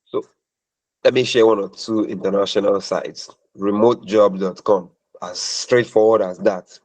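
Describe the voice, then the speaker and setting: A man's voice: fairly low pitch, steady tone, unhurried, a little mellow, poor audio. A man talking as a career mentor in a question-and-answer session, emphatic and preachy, repeating points for stress.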